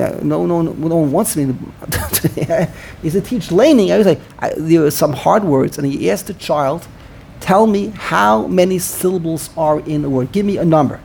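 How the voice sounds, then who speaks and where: Man, higher voice, casual study talk, explains by restating, slight room noise. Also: animated, a little fast, vocal fry, warm tone. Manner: explanatory, repeats words while thinking. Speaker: Torah study participant.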